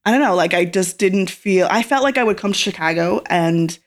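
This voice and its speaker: A woman with a faded Irish accent and a fairly low voice tells her story as a guest in a relaxed interview. She talks in long, looping stretches full of fillers and often acts out what people said to her. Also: a little fast. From Ireland. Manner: rambling storyteller, frequent fillers, acts out quoted lines. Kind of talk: casual interview.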